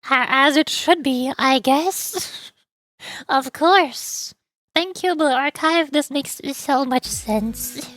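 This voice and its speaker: A young woman with a high, lively voice who chats casually as she streams a game, with playful sarcasm and quick reactions. Her talk wanders and stays light. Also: dry recording. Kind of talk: casual gaming stream chat.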